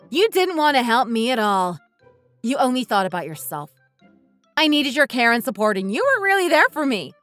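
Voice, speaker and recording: A woman's voice: a little high, a bit bright, dry recording. A woman voicing a resentful wife fed up with her husband, speaking in a bitter, accusing way. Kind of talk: scripted dialogue drama.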